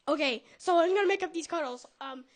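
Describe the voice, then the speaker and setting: A woman doing a stand-up set at an open mic, rambling and halting with many restarts. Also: very high voice. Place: live club stage with audience.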